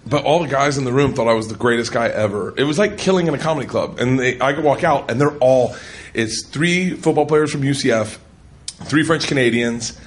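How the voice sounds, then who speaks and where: A man doing stand-up storytelling on a comedy club stage, loud and animated, laughing as he tells it. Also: mid-range voice, brisk. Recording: loud noisy live recording.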